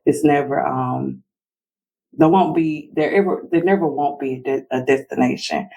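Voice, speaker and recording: A woman's voice: deep voice, normal speed, dark tone, slightly rough, dull audio. A woman guest in a casual interview, talking reflectively about parenting and retelling conversations with her daughters. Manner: reflective, acts out family dialogue.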